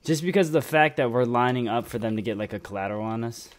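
A young man giving casual, excitable commentary over a shooter game, cursing freely and tagging "man" onto his lines. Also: medium pitch, fast talker. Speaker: gameplay commentator.

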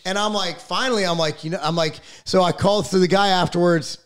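A man's voice: high-pitched, a little fast, smooth. A middle-aged man ranting in a casual podcast chat, swearing freely and getting heated. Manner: profane, fired-up ranting.

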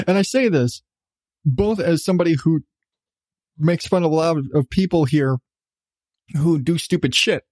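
A man's voice: on the high side, unhurried, long pauses, darkish tone, dry recording. A man hosting his own podcast, ranting casually with plenty of swearing and sarcastic asides, laughing at himself. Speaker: podcast host. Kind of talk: casual solo podcast rant.

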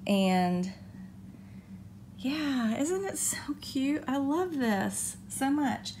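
A woman's voice: high-pitched, sing-song, drawn-out words, a little mellow, a little hiss or hum. A woman chatting casually about her cross-stitch, rambling with fillers and correcting herself. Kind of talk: casual show-and-tell chat. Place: condo balcony by the beach.

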